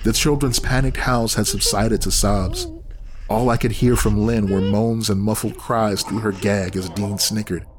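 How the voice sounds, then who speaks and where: A man reading a horror story aloud in scripted first-person narration, tense and steady. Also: fairly low pitch, measured pace, crowd noise.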